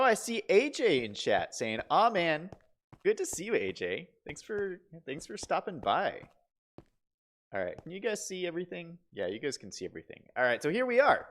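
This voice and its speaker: A man's voice: a little high, normal speed, a little hiss or hum. Chatty congested male streamer. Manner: chatty, excitable, repeats himself. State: congested from a cold. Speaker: streamer host. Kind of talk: casual live-stream chat.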